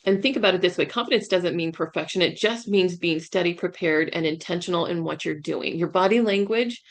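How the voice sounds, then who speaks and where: A woman's voice: on the low side, a little fast. A woman career coach giving a webinar talk over a video call, emphatic and often checking in with "right?". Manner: emphatic, keeps asking "right?". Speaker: career coach, guest speaker. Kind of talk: webinar presentation.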